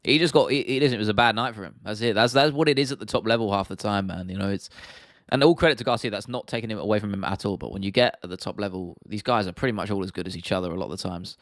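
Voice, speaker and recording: A man's voice: lowish voice, very fast, dry recording, clean studio sound. A young man with a London accent hosting a casual livestream Q&A, chatting loosely as he reads and answers viewer comments. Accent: London English. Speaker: livestream host.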